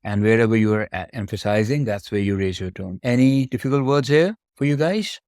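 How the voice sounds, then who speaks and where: A male teacher with a fairly low voice walks learners through exam technique patiently, one step at a time. His voice is recorded close and dry, with no room sound. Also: a little fast, a little mellow, clear, resonant tone, dry recording.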